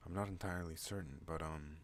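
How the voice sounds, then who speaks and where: A man hosting an ASMR channel, talking in a slow rambling way and drifting off on tangents. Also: a little hiss or hum. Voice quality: deep relaxed voice. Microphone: non-binaural desk microphone.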